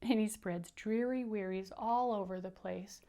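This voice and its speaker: Animated woman teaching small children. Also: mid-range voice, a little slow. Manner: animated, asks children to repeat after her. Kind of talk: storytime lesson for young children.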